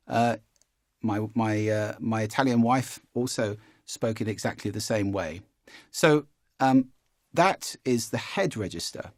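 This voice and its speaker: A man's voice: a little slow, dry recording, clean studio sound. A man teaching a spoken lesson as a voice coach, often shifting his voice to demonstrate. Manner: demonstrates pitch shifts, animated.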